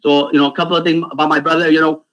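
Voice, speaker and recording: Animated man. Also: fairly high pitch, rapid-fire, rough recording. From Pakistan. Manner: animated, keeps asking "right?". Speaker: youth speaker. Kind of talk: storytelling talk for children. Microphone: video call.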